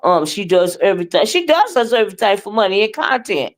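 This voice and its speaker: A woman's voice: medium pitch, sing-song, brisk. A woman hosting a live stream, giving heated, profane commentary in a blunt, scolding manner.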